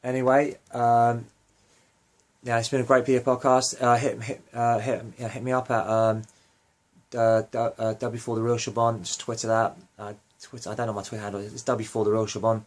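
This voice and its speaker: A man's voice: mid-range voice, little pitch movement, moderate pace. A young man hosting a fan podcast, rambling casually with lots of fillers and self-corrections. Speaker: podcast host.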